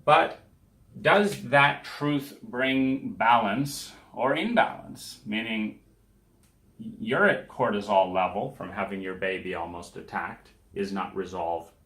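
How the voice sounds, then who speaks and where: A man with a fairly low, somewhat bright voice speaks slowly as host of a self-help podcast. His reflective monologue walks through examples in a conversational, emphatic manner, and he acts out the people he quotes. Echo from the room is audible.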